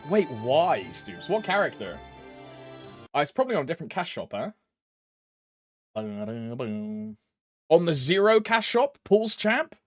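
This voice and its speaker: A young man streams live with game music faint behind him. His voice sits high and swings widely in pitch, and he greets chat by name, laughing often and full of slang. He keeps an unhurried pace. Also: very animated, no room sound.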